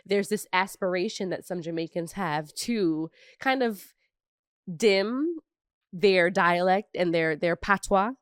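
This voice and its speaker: Speaking slowly in a fairly low, smooth voice, a woman co-hosts a podcast from clean, echo-free studio sound. Hailing from Brooklyn, New York, she tells personal stories conversationally, in a reflective way with asides.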